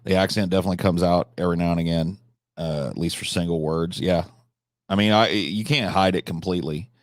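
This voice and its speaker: A Californian man hosts a livestream and answers viewers thoughtfully and articulately, a country drawl slipping in now and then. He has a deep voice with fairly even intonation and talks a little fast. The sound is dry and studio-clean.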